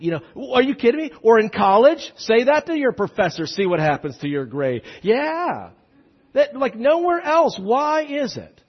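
A pastor delivers a sermon in a high, husky man's voice. He tells stories with lots of restarts and swings between loud and hushed passages. The sound is a little dull and lo-fi. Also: normal speed. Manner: animated storytelling with many restarts, shifting between loud and hushed.

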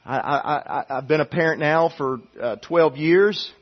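A male pastor delivers a sermon in a high voice with a husky edge, moving at a slow, deliberate pace. He swings from loud pleading to hushed intensity and often repeats himself as he builds. The recording sounds a little dull and muffled. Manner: repeats words and restarts phrases.

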